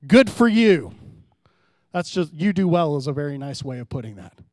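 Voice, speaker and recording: A man pastor preaching a sermon, swinging between hushed, low passages and loud, emphatic rises, often calling out to the congregation. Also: expressive, fast talker, dry recording. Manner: preaching with sudden drops to quiet and loud rises, calls to the congregation.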